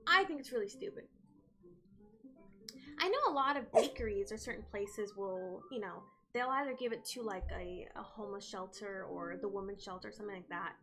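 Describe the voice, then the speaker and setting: A young woman streamer chatting casually with her viewers, telling stories in an animated way. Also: mid-range voice, fairly quick, few pauses. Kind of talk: casual chat with live viewers.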